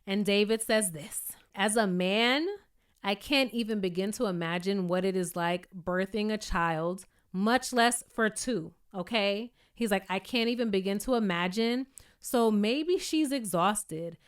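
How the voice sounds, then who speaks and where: A woman's voice: mid-range voice, measured pace, smooth. Chatty woman recapping a reality show. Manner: chatty and animated, quoting cast members in playful voices. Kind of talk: casual recap commentary.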